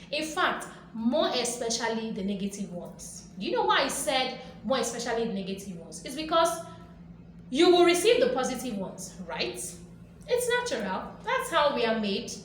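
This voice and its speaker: Her pitch is a little high and swings widely as she talks at a moderate pace. She's hosting a motivational video, emphatic and repetitive, with playful acted-out quotes, recorded in a very echoey room with faint noise behind her.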